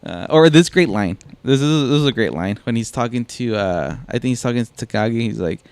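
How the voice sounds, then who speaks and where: A man co-hosting a podcast in casual chat, animated and quoting lines with a laugh. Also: mid-range voice, a little fast, clear, resonant tone. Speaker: podcast co-host.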